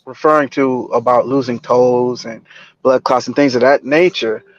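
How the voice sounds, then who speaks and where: A man calling in to a live stream, speaking haltingly and reflectively with many fillers. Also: mid-range voice, steady tone, no echo. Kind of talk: casual call-in chat. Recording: dull, dry call audio.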